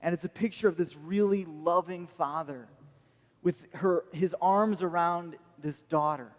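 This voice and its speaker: American pastor guy preaching, higher voice, earnest storytelling, big echoey church hall. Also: unhurried. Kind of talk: sermon.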